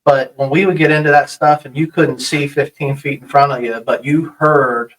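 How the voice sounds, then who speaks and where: A man hosting a podcast in casual chat, speaking in a halting way with many restarts. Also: on the high side, steady tone, a bit bright, far from the mic, low-quality recording.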